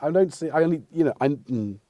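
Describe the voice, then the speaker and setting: A middle-aged man from England hosts a casual livestream, rambling and poking fun at himself as he answers the chat. His voice sits on the high side, animated and mellow, at a quick pace, with no echo.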